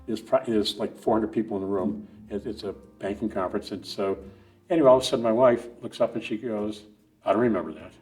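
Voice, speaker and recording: A man's voice: fairly low pitch, steady tone, fast, darkish tone, faint music behind. A middle-aged man, a guest on a running podcast, telling long rambling stories with many restarts and asides. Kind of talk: casual storytelling interview.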